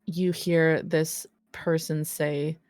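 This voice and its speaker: Woman, game master narration, very low voice, slow delivery, dry sound. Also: level tone, darkish tone, no room sound. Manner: slow, deliberate, with fillers. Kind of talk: narrating a tabletop role-play.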